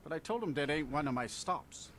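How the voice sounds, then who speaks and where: Gruff rustic carriage driver in a game, folksy and short-spoken, with lively inflection. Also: male voice, a little high, fairly quick, a little hiss or hum. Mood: terse. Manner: laconic, folksy.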